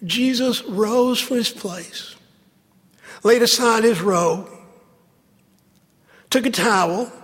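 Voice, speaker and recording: A man preaching a sermon, with dramatic pauses and lines that drop to a hush. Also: very high-pitched, husky. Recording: long hall reverb.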